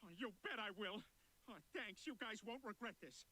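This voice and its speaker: An actor playing a bumbling, dim-witted middle-aged cartoon dad who rambles in a goofy, self-pitying way. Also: male voice, high-pitched, moderate pace, bright, forceful tone. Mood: eager.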